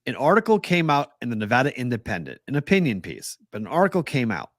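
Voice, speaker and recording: A man's voice: mid-range voice, huge pitch swings, quick pace, a bit bright, no echo, clean studio sound. A middle-aged man with a Boston accent, co-hosting a casual sports talk show and telling stories with frequent laughs. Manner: chatty storyteller, laughs often. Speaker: co-host.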